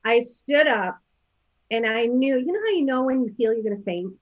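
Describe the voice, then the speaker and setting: A woman's voice: on the high side, animated, moderate pace, dry recording, muffled recording. A woman in her fifties telling stories as a podcast guest, rambling with many fillers and restarts. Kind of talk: casual storytelling interview.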